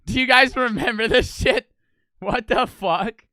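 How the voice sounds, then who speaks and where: A young man casually reacting to old TV commercials, swearing freely and breaking into loud, incredulous outbursts. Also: extremely high pitch, unhurried, background noise.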